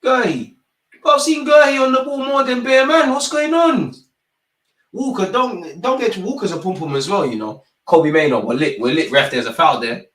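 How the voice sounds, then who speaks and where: A man hosting a live football watchalong, reacting loudly to the screen with heavy slang and swearing. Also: sits high, moderate pace. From England. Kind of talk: live match watchalong commentary.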